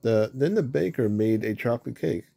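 A man reading a children's storybook aloud, steady with small slips. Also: mid-range voice, moderate pace, creaky, slightly rough, no echo. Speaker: storybook reader.

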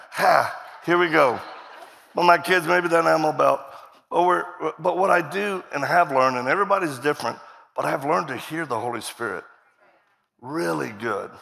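A man with a pushed, bright mid-range voice and vocal fry tells a self-mocking, joke-filled story as a guest speaker in a church sermon, acting out the voices of people he quotes. He's on a church stage before a congregation, with long hall reverb.

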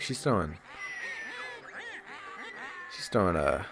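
A man's voice: on the low side, lively intonation, moderate pace, vocal fry, over music. A man giving casual, crude, joking let's-play commentary while playing a video game, teasing the characters and mocking his own skill. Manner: joking, crude and self-deprecating.

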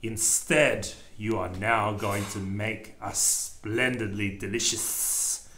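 A man voicing a sneaky, wicked snake in a storybook read-aloud, talking slowly and slyly, in an echoey room. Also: lowish voice, steady tone, sharp tone. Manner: slow, hissing, sly.

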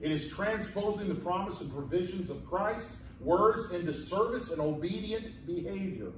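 A man preaches a folksy sermon in a high, bright register. He is picked up by a mic some distance away in an echoey church sanctuary, with a faint hiss of room noise behind him. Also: moderate pace. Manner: folksy storytelling, acting out voices in quotes. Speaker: pastor.

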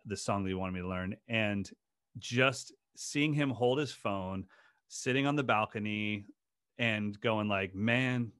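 A man's voice: on the low side, measured pace, fairly bright tone, clear, resonant tone, no echo, studio quality. A man who is a drum teacher, telling stories in a casual podcast interview in an earnest, passionate way with many restarts. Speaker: guest drum educator.

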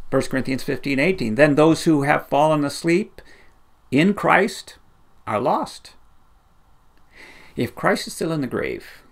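A man preaching a sermon with passion, building his points in repeated rising chains. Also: mid-range voice. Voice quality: gravelly. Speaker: pastor.

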